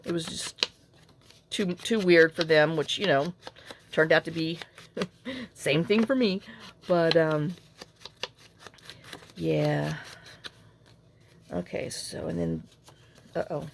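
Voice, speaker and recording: A woman's voice: deep voice, big pitch swings, takes it slowly, vocal fry, pauses often, noisy background. A woman hosting a casual crafting tutorial, chatty and rambling as she talks viewers through her work. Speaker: crafting channel host.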